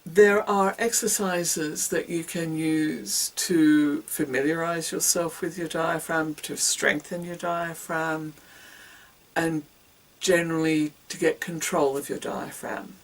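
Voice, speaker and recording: A woman's voice: deep voice, fairly even intonation, slow pace, far from the mic, low-quality recording. A woman giving a casual singing lesson, demonstrating breathing exercises with whoops, grunts and hisses. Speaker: singing teacher.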